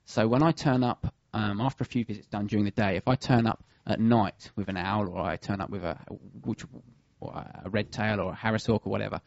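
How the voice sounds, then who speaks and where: A man's voice: fairly low pitch, fairly even intonation, fairly quick, creaky, few pauses, darkish tone, no echo, muffled recording. A man who works as a bird of prey pest controller, talking casually and hesitantly with many fillers and restarts. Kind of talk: casual radio chat.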